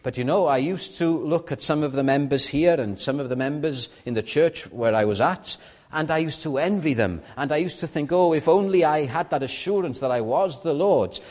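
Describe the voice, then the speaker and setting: A man's voice: on the high side, normal speed. Earnest man preaching a sermon. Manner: earnest, personal, with sudden soft drops and raised stresses.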